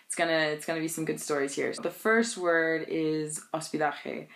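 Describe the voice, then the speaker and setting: A young woman with a slightly low voice tells funny stories in a casual vlog. She is chatty and animated, and she laughs often. English is her first language. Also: moderate pace, gravelly. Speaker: vlogger.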